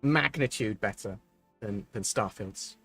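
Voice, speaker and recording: A man's voice: fairly low pitch, a little slow, vocal fry, fairly bright tone, soft background music. A man chatting on a live stream, answering viewer questions and rambling with many fillers and restarts. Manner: rambling, thinks aloud with many ums and restarts. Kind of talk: casual live-stream chat.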